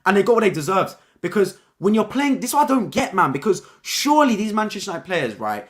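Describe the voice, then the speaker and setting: Quick-paced with a voice that sits high, a young man hosts a live-stream football review. He talks casually and eagerly, restates his points, and ends lines with "man."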